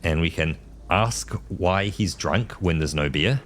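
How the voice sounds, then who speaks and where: A man streaming live, reading a text adventure aloud in an easygoing way and picking the options quickly. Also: low-pitched, a bit bright, slight background noise. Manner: easygoing, reads options then quickly decides.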